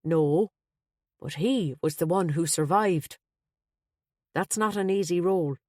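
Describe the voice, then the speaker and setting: A woman voicing a calm, weary male police officer in an audiobook, speaking plainly and matter-of-fact. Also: lowish voice, measured pace, no echo, clean studio sound.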